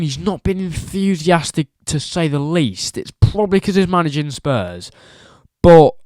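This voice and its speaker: A man's voice: on the high side, no room sound, clean studio sound. A man giving a casual football opinion rant as a vlogger, emphatic and repetitive, firing off rhetorical questions.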